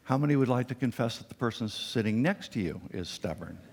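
A male pastor preaching a sermon, animated and acting out the quotes with a raised voice. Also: fairly quick. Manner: animated, acts out quotes with raised pitch and volume. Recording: long reverb in a large hall.

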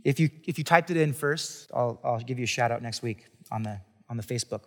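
A man's voice: mid-range voice, fairly quick, fairly bright tone, in a large hall. A man preaching a conversational sermon as a pastor, talking casually and chattily with restarts and asides.

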